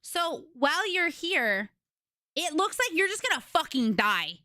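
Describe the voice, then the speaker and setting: A young adult woman livestreamer chatting casually with her audience, excitable and giggly as she tells stories. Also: high voice, a little slow, no echo, studio quality. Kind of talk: casual chat with a live audience. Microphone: desk microphone.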